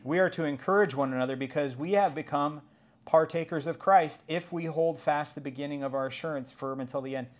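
A man's voice: on the high side, a little fast. A middle-aged man preaching a sermon as pastor, earnest and rising to emphatic exclamations.

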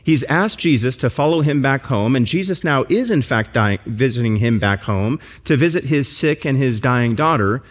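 A man delivers a sermon from the pulpit, pressing his points home with earnest, repeated phrases. His voice sits in an ordinary middle range, neither deep nor high. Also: animated, normal speed, few pauses. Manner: earnest preaching with emphatic repetition. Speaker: pastor.

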